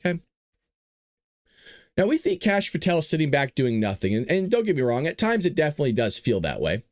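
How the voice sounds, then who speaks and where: A man hosting a show, giving sarcastic opinion commentary in an animated way. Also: a little high, fairly quick, dry recording, studio quality. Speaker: show host.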